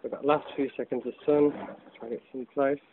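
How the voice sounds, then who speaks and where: A man's voice: mid-range voice, steady tone, fairly quick, noisy background. A man casually demonstrating a gadget outdoors, chatting loosely with many ums and restarts, recorded on a phone. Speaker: hobbyist video maker. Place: outdoors in afternoon sun. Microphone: phone camera. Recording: tinny phone-like audio.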